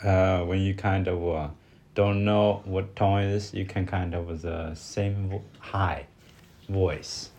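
A man with a Chinese accent, a native Chinese speaker co-hosting a podcast in casual chat, halting as he searches for English words. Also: low-pitched, little pitch movement, a little mellow, a little hiss or hum. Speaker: podcast co-host.

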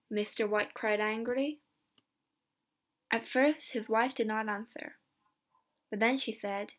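A woman reading a simple story aloud in clear, slow narration. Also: on the high side, fairly even intonation. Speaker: reader.

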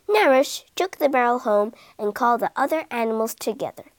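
A woman reading an animal story aloud for English learners, in a slow, clear and expressive way. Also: a little high, no room sound.

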